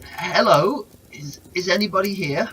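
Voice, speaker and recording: A frightened desert wanderer stutters out his words in a dry croak, as a man reads him aloud in a storybook. His voice jumps high and uneven, dizzy and worn thin from days without water. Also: huge pitch swings, moderate pace, fairly bright tone, slight background noise. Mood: pleading. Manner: stammering, croaking and pleading. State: dizzy and weak from thirst.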